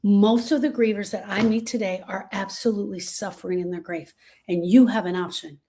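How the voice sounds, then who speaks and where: A woman speaking as a grief coach in an emphatic, repeating motivational style. Her voice sits at a middle pitch for a woman. She dips soft and low, then rises loud and pressing, and talks straight to her listeners as "girl". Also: steady tone, fairly quick. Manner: emphatic and repetitive, swinging between soft and loud. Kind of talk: motivational talk to viewers.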